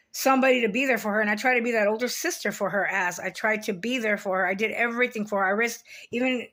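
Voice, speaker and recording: A woman's voice: a little high, fairly bright tone. A middle-aged woman talking to camera in a casual confessional monologue, blunt and rambling, swearing heavily as she restarts her sentences. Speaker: vlogger.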